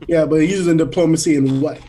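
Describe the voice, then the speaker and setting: A man's voice: fairly high pitch, steady tone, warm tone. A man playing in an online tabletop game, asking about rolls and rules without hurrying. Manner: unhurried, asks rules questions. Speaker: player. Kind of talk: casual chat while playing a tabletop game.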